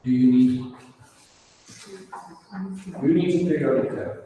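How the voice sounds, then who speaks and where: A man's voice: mid-range voice, measured pace, phone-quality sound, a crowd in the background. A man in his fifties teaching a class, chatty and given to storytelling asides. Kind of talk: classroom lesson. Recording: echoey room with long reverb.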